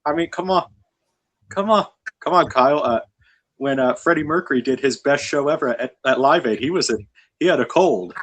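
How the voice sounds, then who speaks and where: A man's voice: a little high, fairly quick, a bit bright, rough recording. A man hosting a casual music interview, talking in a rambling way with many fillers and restarts. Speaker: interview host.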